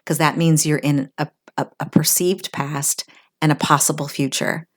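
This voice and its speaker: A middle-aged woman with a notably low voice talks things through on a podcast. She is reflective and casual, often acting out someone's inner thoughts as little quoted asides. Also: flat delivery, moderate pace. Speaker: podcast co-host. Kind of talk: casual chat.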